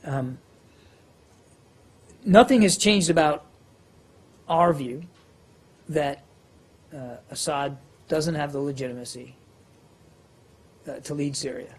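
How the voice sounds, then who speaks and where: A man's voice: a little high, slow, pauses often, husky. A man briefing reporters as a government spokesperson, answering questions with many fillers and restarts.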